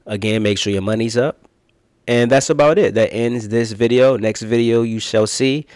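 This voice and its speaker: A man's voice: medium pitch, normal speed, a little mellow, dry recording, clean studio sound. A man from the United States talking casually as a travel vlogger, chatty and rambling with many fillers.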